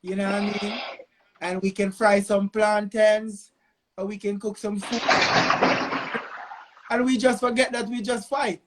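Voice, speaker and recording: A man's voice: sits high, flat delivery, unhurried, long pauses, a little hiss or hum, low-quality recording. A man in casual podcast debate, explaining his point at length. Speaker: podcast co-host.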